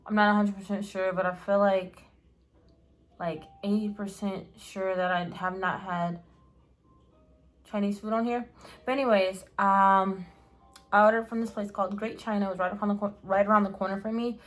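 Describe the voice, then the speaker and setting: A woman's voice: mid-range voice, fairly even intonation, moderate pace. A young woman hosting a casual eating show at home, rambling and chatty with lots of fillers, talking between bites. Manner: rambling, chatty, many fillers and restarts, eats while talking. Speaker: mukbang vlogger.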